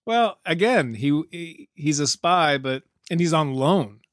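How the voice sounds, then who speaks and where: A man's voice: a little high, animated, measured pace, a bit bright, dry recording, studio quality. Wry, joking man in a movie chat. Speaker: podcast co-host. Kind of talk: casual movie review chat.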